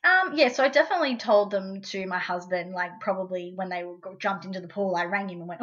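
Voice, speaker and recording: Australian woman, interview guest, conversational storytelling, mid pitch, slightly dull sound. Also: fast, few pauses. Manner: conversational storytelling, quotes her son in a lively voice. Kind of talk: casual interview.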